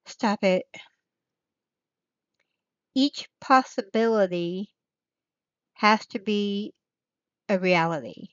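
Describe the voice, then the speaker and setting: A woman's voice: mid-range voice, extremely slow, pauses often, smooth, no room sound, muffled recording. A woman hosting her own channel, chatting casually and rambling, thinking aloud, trailing off and restarting her thoughts. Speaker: channel host. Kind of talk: rambling casual livestream chat.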